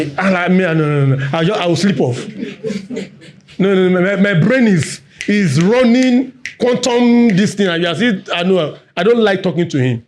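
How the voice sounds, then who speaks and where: Man, facilitator, high voice, fast and animated, asks the audience questions. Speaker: workshop facilitator. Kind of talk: live workplace training talk.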